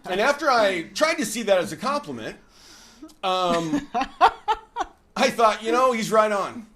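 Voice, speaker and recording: A man hosting a relaxed chat with his wife, a former pastor who tells stories in a folksy, animated way with plenty of fillers. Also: sits high, unhurried. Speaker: host. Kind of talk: casual chat with joke telling.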